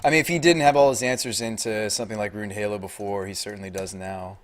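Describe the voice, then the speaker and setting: An American man streaming a card game live, commenting casually and talking to his chat, getting loud and high-pitched when tense. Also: fairly even intonation, fast talker. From United States.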